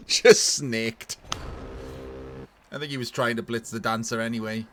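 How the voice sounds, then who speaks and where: A man casually commentating a video game tournament match, analysing plays in a relaxed, thinking-aloud way. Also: mid-range voice, slight background noise. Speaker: tournament caster.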